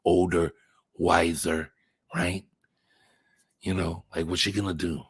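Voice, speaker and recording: A man's voice: low voice, flat delivery, takes it slowly, husky. A man hosting a casual livestream, chatting with viewers in a rambling way, swearing now and then and thinking aloud. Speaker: channel host reading live chat.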